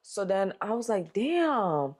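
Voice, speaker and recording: A woman's voice: mid-range voice, a little fast, darkish tone. Young female co-host, casual storyteller, swears a lot, acts out every quote. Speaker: podcast co-host.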